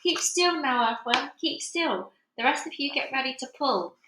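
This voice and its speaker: A woman voicing a bold, quick-thinking young boy who gives urgent orders, in an echoey room. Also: high-pitched, animated, a little hiss or hum, pitched above the performer's own voice. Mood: hushed urgent. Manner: urgent commands, hushed then shouting.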